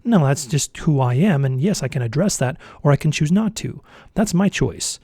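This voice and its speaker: A man's voice: on the high side, expressive, moderate pace, dark tone, slightly rough, no echo, studio quality. A man vlogging a casual motivational monologue, earnest and rambling, often correcting himself mid-sentence.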